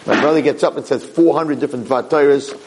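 The audio is poor, with a little hiss or hum, as a rabbi gives a Torah lecture. His mid-range voice moves at a quick pace, and he brings his stories to life by acting out the voices in them.

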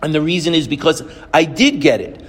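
A woman's voice: low-pitched, sing-song, a little fast, slightly rough, full character voice. A male preacher voicing a frail, determined elderly woman as he retells her words, in a hall with a long reverb. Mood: earnest.

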